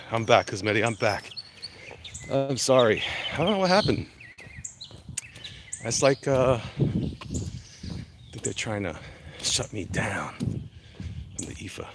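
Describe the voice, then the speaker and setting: A man chatting casually on a livestream while walking briskly outdoors, a bit out of breath, greeting viewers by name as he rambles. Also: lowish voice, very animated, gravelly, noisy background. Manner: reads chat names aloud, greets viewers, rambling. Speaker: comic artist livestreaming. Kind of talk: casual live-stream chat while walking. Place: outdoors walking through a neighborhood.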